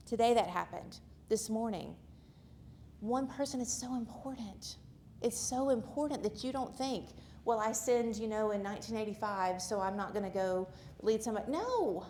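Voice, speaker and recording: A woman from Alabama with a Southern accent, speaking at a church gathering and telling a personal story in a chatty, animated way while asking the audience questions. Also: mid-range voice, a little hiss or hum. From Alabama, USA. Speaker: conference speaker. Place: church hall with a live audience.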